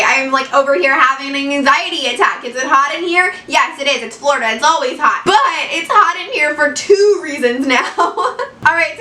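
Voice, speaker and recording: A bright, high-pitched woman chatting through an unboxing, giggling often and repeating phrases as she gushes. She sounds a bit away from the mic in an echoey room. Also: recorded from a distance. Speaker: beauty vlogger. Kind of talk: excited unboxing chat. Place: home room in Florida.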